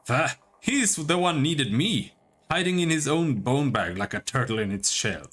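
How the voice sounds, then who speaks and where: A man voicing a fierce, brash woman spirit who speaks in a rough, put-on brogue. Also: lowish voice, sing-song, a little slow, fairly bright tone, full character voice. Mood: defiant. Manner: rough, mock brogue, defiant.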